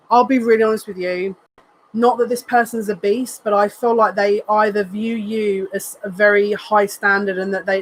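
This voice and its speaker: During a live tarot reading, a psychic turns the cards while thinking aloud, repeating phrases and speaking earnestly and emotionally, even saying they're near tears. The voice is medium-pitched and fairly bright, on a low-quality recording.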